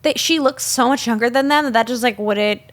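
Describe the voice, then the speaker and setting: A woman's voice: on the high side, brisk. A woman co-hosting a podcast, casually discussing a film and recounting scenes, recorded on a microphone in a small room. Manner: animated, recounting scenes with quoted lines. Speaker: podcast co-host. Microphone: studio microphone.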